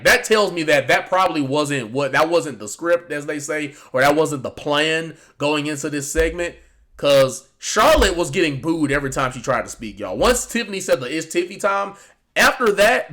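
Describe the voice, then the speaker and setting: A man's voice: fairly high pitch, bright, forceful tone. A man giving casual, rambling reaction commentary on a show, with lots of fillers and restarts. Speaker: wrestling commentary YouTuber.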